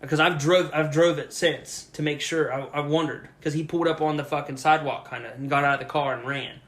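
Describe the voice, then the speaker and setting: A man's voice: fairly high pitch, quick pace. Young man telling a wild story. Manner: profane, animated retelling with loud shouted quotes. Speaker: podcast co-host. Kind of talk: casual storytelling.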